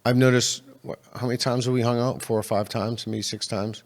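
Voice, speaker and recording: A man hosting a podcast conversation, asking probing questions in a measured way. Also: mid-range voice, flat delivery. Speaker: podcast host. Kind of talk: casual conversation.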